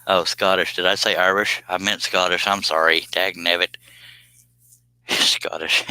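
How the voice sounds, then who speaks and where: An American man chats casually during a woodworking live stream, laughing a lot and reading viewer comments aloud as he works. His low voice is bright and forceful but flat in delivery, at a moderate pace. The recording is rough but has no echo.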